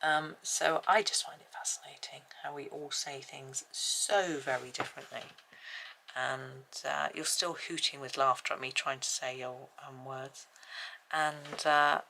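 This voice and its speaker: Low-voiced English woman chatting while colouring. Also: fairly even intonation, a little slow, creaky, background noise. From England. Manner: chatty, thinking aloud, rambling asides. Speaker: colouring channel host. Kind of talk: casual chat while colouring.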